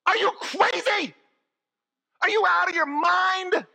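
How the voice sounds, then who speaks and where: A man's voice: sits high, very animated, moderate pace, sharp tone, long reverb tail, pitched above the performer's own voice, exaggerated voice. A man voicing an incredulous, complaining man who has just come back from the dead. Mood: exasperated.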